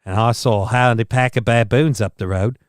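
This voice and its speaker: A man's voice: on the high side, a little slow, fairly bright tone, clear, resonant tone, no echo, clean studio sound. A man voicing a cocky, boastful male leopard that swears crudely. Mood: sly.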